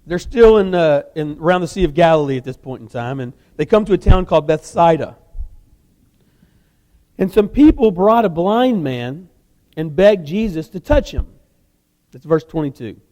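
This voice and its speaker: A man preaching a sermon, telling the story in an animated way with casual asides. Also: high voice, long reverb tail. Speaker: guest preacher.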